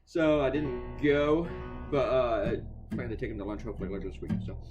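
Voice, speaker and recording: A man's voice: medium pitch, a little fast, lo-fi sound, loud music behind the voice. A man talking casually while he works, chatty and sarcastic, swearing freely and often restarting his sentences. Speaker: cartoonist talking while drawing. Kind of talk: casual rambling monologue.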